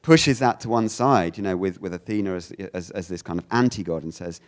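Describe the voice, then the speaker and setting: A man giving a theology lecture in a conversational, animated way, often repeating words and saying "you know". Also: low-pitched, a little fast, hardly any pauses. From United Kingdom. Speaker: guest lecturer.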